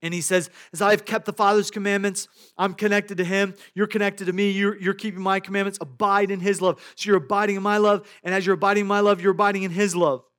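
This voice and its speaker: A man with a high voice preaches to his congregation. He moves from loud, emphatic lines to near-hushed asides, and often repeats a word as he builds toward a point. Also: fast talker. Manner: energetic preaching with big swings from loud to hushed. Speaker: pastor. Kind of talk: sermon.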